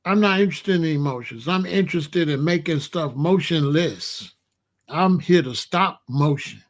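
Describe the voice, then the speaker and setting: A man's voice: fairly high pitch, moderate pace. A middle-aged man, giving emphatic, repetitive monologue commentary. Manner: preachy, emphatic, repeats himself.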